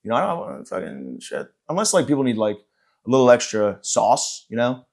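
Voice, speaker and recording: A man's voice: medium pitch, wildly swooping pitch, brisk, gravelly. A man hosting a comedy podcast, delivering a rambling, sarcastic, profane rant. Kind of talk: ranting comedic monologue.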